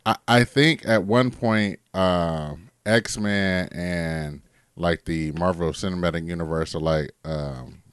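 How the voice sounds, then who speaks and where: A man's voice: deep voice, slow, clean tone, no room sound, studio quality. A young man, co-hosting a casual podcast chat, laid-back and explaining things with plenty of fillers. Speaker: podcast co-host.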